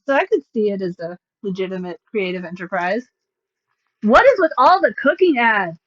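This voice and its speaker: A woman's voice: a little high, lo-fi sound. A woman livestreamer chatting casually, rambling with sarcastic, self-mocking asides.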